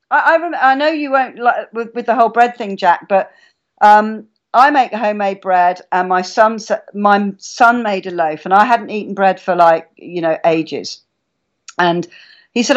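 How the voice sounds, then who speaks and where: A woman talks in a chatty, storytelling way and slips into little acted-out voices of her own reactions. Her voice sits at an ordinary middle pitch for a woman. The audio is slightly muffled and lo-fi. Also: normal speed. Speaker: guest speaker. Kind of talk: casual live-stream chat.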